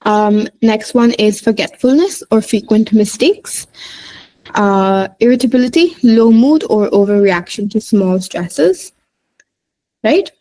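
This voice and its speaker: A woman's voice: mid-range voice, animated, takes it slowly, dark tone, low-quality recording. A woman psychologist explaining points in a loose, informal way, with many fillers and frequent "right?" tags.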